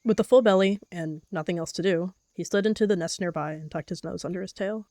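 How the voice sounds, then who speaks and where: Calm, low-voiced woman narrating a story. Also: fast, dry recording, studio quality. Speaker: role-play narrator. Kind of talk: storybook narration of a game role-play.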